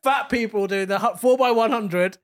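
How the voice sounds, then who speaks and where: A man co-hosting a comedy podcast, firing back deadpan retorts in casual banter and laughing a lot. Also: sits high, normal speed. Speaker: podcast co-host.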